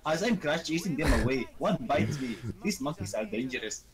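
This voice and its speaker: A man's voice: medium pitch, sing-song, a little fast, close to an everyday voice, low-quality recording. A man reading a hermit fisherman's game lines aloud in a mock foreign accent with broken grammar. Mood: mock-serious.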